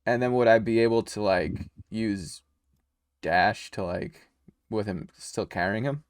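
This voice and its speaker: Hesitant low-voiced male player. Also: a little slow, clear, resonant tone, no room sound, clean studio sound. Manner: hesitant, restarts and jokes. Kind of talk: casual tabletop game chat.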